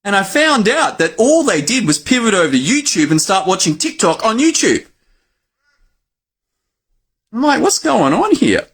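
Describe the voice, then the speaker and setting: A lively, husky-voiced Australian man in his forties, talking to fellow doctors as an educator. His pitch sits a little high and swings widely as he acts out his own exclamations. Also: moderate pace, pauses often.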